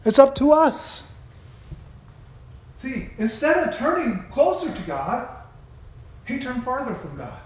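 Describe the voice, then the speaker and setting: A man preaching a sermon, retelling a story in an animated way and putting questions to his listeners. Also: extremely high pitch, slow, long pauses. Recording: very echoey room.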